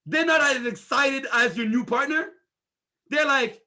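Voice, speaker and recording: An energetic male sales trainer drives home his points with repetition and rhetorical questions. His voice sits very high and sounds bright and forceful. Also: unhurried. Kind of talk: motivational training talk.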